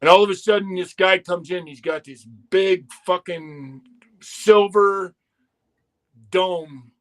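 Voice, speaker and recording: A man's voice: sits high, slow pace. A man telling a long, profane story in casual podcast chat, quoting people as he goes.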